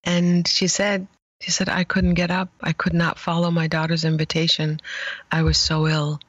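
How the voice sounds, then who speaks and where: A woman image therapist, a guest in an interview, telling stories passionately with emphatic pauses. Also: lowish voice, monotone, dry recording, dull audio. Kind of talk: emotional storytelling interview.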